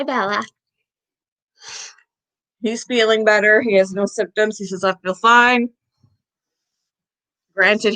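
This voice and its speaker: A woman's voice: mid-range voice, bright, forceful tone. A woman hosting a casual livestream from home, rambling and chatting while she climbs stairs, out of breath and now and then coughing. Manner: chatty, rambling, talks to her dog. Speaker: livestream host.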